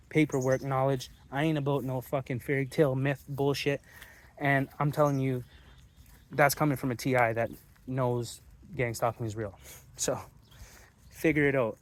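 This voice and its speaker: A young man rants into his phone outside, his voice sitting at an ordinary, middle pitch. He sounds intense and preachy, swings into boasts, and swears constantly in a rough street style. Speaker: vlogger. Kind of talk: profane street-talk rant. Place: outdoors in a public street.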